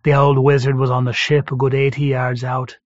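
A man's voice: medium pitch, completely flat delivery, brisk, no echo. Male audiobook narrator, dull lo-fi sound. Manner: dry, conversational storytelling. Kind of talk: first-person storytelling. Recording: dull lo-fi recording.

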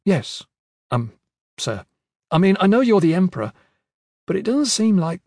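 A man voicing an anxious, earnest teenage boy in an audiobook, with an eager voice that rises high. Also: animated, normal speed, a little mellow, breathy edge, no echo, clean studio sound. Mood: hesitant. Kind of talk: audiobook character voice.

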